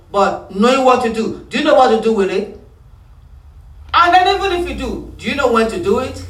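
A man delivers a sermon in a strikingly high, bright voice. He hammers his points through repetition and call-and-response. The sound comes from far off, with a roomy hall echo. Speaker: preacher.

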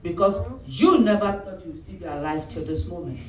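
A pastor, preaching an animated sermon and acting out phone calls and voices of his church members. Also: high voice, moderate pace. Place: church hall. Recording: roomy echo, mic at a distance, faint room noise.

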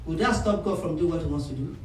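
A middle-aged woman preaching a sermon, emphatic and building to shouts, calling for responses from the congregation. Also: low-pitched, lively intonation, fast talker, a little hiss or hum. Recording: echoey hall, voice from far off.

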